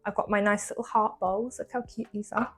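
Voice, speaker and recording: A fairly quick, steady, mid-range voice with a slight rasp belongs to a young baking vlogger from England. Chatty and self-deprecating, she talks to viewers while baking in her home kitchen as music plays faintly behind.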